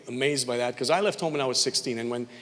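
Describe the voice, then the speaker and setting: A man's voice: medium pitch, quick pace, a bit bright. A man from Montreal, a radio morning show host, giving an informal tribute speech full of rambling, jokey stories in which he acts out quoted voices. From Montreal, Canada. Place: large hall at an event. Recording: reverberant hall.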